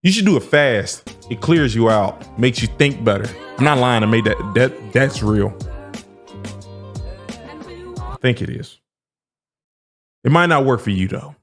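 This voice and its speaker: A man hosting a reaction video, teasing and ridiculing a woman from a clip in lively mocking asides. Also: mid-range voice, a little slow, long pauses, faint music behind. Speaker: reaction channel host.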